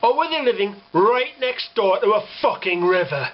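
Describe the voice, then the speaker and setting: A man's voice: high voice, big pitch swings, normal speed, muffled recording. A young British man delivering a sarcastic, exasperated rant to camera, swearing freely. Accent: British English. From Britain. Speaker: vlogger. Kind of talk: ranting monologue.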